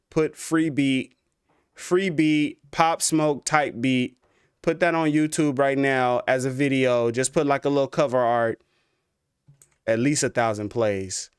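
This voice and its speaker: A man's voice: medium pitch, clean tone, dry recording, clean studio sound. A man hosting a live stream, reviewing beats his viewers send in, chatting casually in slang and talking straight to his chat. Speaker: music producer streamer reviewing submitted beats.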